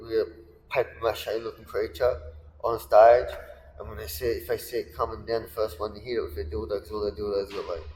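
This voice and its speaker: As a podcast co-host, a man with a fairly low voice rambles through crude stories in casual chat, laughing often. The room is echoey with long reverb, faint ambience and a little hiss or hum.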